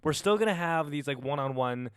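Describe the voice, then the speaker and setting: A man hosts a podcast from his home garage, talking with hyped, playful energy. His voice is smooth and resonant. The sound is dry and close, with no room echo. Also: fairly high pitch, animated, a little fast. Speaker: podcast host. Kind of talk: solo podcast intro. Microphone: studio microphone through a mixer.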